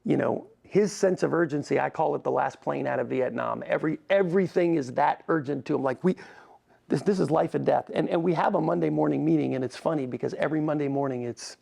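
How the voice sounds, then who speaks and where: Gravelly animated man telling stories. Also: fairly high pitch. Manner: animated storyteller, quick restarts and "like". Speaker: racing team president, podcast guest. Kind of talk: conversational interview.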